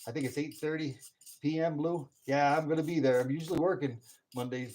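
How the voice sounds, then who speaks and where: A man chatting casually on a live stream about his metal casting, excitable, often whooping and laughing. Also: a little high, brisk.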